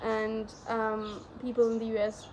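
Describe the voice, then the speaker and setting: A woman's voice: fairly high pitch, monotone, measured pace, a little mellow, slight background noise. A young woman whose first language is German, chatting casually and rambling with many fillers. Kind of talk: casual chat.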